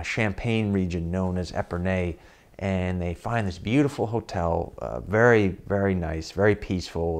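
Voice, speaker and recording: Lowish-voiced man telling a comic anecdote. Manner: amused, chuckling as he tells it. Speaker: storyteller.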